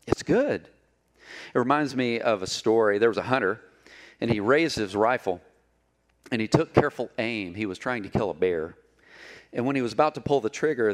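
A middle-aged man preaching a sermon as pastor, telling stories with humor and joking with the congregation. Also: mid-range voice. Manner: animated storytelling, jokes with the congregation.

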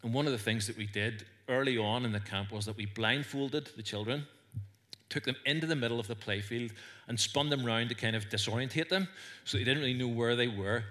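A man's voice: mid-range voice, fairly bright tone. A man with a Northern Irish accent, preaching an earnest sermon to a congregation in church and telling stories with small stumbles. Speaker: pastor. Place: church service.

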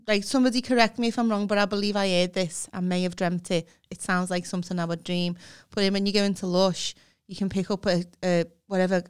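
Smooth-voiced woman. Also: medium pitch. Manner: chatty anecdotes, swears, self-mocking. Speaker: podcast co-host. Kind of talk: casual comedic storytelling.

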